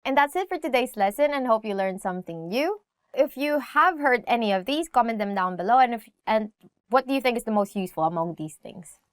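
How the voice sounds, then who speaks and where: Filipino lady teaching words, laughs a lot, kinda high voice, dry no-echo sound. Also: lively intonation, smooth, faint music behind. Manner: chatty, laughs often, repeats phrases slowly. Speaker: language teacher host. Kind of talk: casual language lesson.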